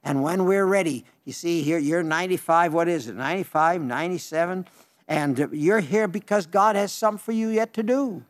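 A man's voice: fairly high pitch, normal speed. An older man preaching on the radio, answering listener letters as folksy, emphatic stories with repeated phrases.

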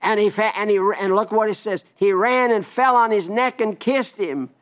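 Older man, preacher, high voice, earnest pleading sermon, repeats phrases. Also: moderate pace.

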